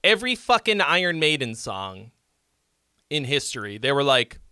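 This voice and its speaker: A man's voice: medium pitch, very animated, normal speed, pushed and bright, smooth, no room sound, studio quality. A man hosting a live song critique stream, talking bluntly with profanity and sarcasm.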